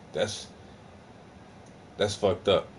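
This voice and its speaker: A man's voice: low voice, extremely slow, a little hiss or hum. An American man riffing profanely and mockingly on a podcast clip, laughing often as he rants. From United States. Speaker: video commentator reacting to a podcast clip. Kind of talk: casual profane reaction rant.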